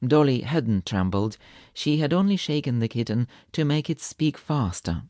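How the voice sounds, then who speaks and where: A male audiobook narrator reading storybook tales with a very lively, animated pitch and a gently playful manner. His mid-range voice sits close and dry, with no room sound. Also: normal speed, no room sound.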